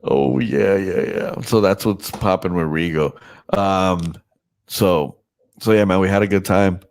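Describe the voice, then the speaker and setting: A man's voice: deep voice, measured pace, darkish tone. A man hosting a casual podcast chat, teasing and swearing freely, with a stuffed-up nose. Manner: profane, joking, teasing. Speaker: podcast host and DJ.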